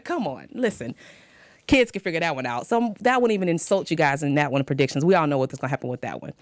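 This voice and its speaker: Young woman host for a casual TV recap, pitch jumping all over, dry close sound, animated and talkative. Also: fast, no echo. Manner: animated, dramatic, laughs often, talks straight to viewers.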